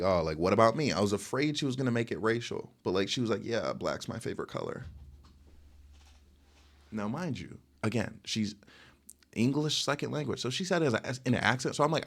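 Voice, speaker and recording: A young man telling a casual, rambling story in slangy storytime style. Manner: rambling slangy storytelling, animated swings in pitch. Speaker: content creator.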